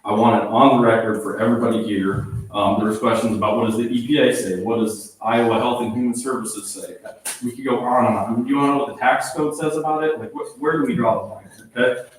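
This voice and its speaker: A man's voice: medium pitch, fairly even intonation, fast. A man who leads a local fire department, speaking firmly at a town council meeting and often asking "okay?". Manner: firm, defensive, repeats "okay?". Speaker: volunteer fire chief. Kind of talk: public comment at a council meeting. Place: small town council chamber. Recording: echoey room from far off.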